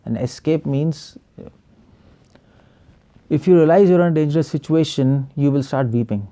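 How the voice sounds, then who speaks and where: A man's voice: a little high, normal speed, dark tone. A male preacher giving an online spiritual class over a video call, firing rhetorical questions at the class and chuckling often.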